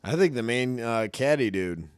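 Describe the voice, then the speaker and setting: A man co-hosting a movie review podcast, teasing the others with quick interjections. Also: mid-range voice, animated, clean tone, no room sound. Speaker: podcast co-host. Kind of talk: casual chat, movie review.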